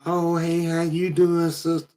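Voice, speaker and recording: A man's voice: fairly high pitch, monotone, unhurried, mellow, pitched above the performer's own voice, close to an everyday voice. A man voicing gushing, fake-sweet older church women with a syrupy, overly sympathetic manner. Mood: fake sympathy.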